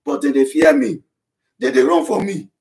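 A man speaking Nigerian Pidgin English in an impassioned, repetitive monologue to his online audience, shouting and breaking into chanted vernacular as he rebuts accusations. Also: extremely high pitch, big pitch swings, normal speed, gravelly. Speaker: self-styled prophet addressing his online audience.

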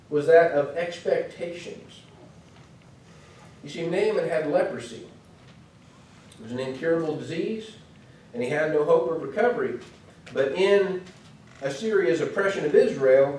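A man's voice: on the high side, darkish tone. A man with a Midwestern American accent giving a sermon lesson in a chatty storytelling way, full of asides. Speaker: preacher. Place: church hall. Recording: echoey church hall, mic far off.

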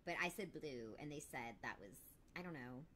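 Woman as haughty young princess; smug, teasing, lively delivery, lowish bright tone, let's-play. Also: normal speed. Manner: smug, teasing, self-satisfied. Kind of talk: in-character let's-play banter.

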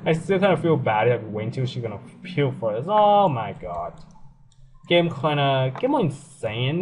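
A young man giving casual, excitable commentary on a life-sim game, laughing often and swearing freely. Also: mid-range voice, slight background noise. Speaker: let's play gamer.

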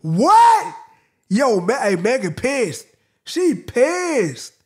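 A man hosting a reaction video, reacting with loud, animated exclamations and slangy asides. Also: very high voice, a little slow. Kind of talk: excited reaction commentary.

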